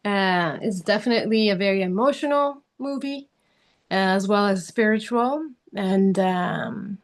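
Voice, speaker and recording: A woman actress in an interview, speaking in a mid-range voice. She is earnest and halting, pausing and restarting as she hunts for the right words. She breaks into easy laughter. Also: medium pitch. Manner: earnest, speaks of passion and spirituality. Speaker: actress guest. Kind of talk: interview answers.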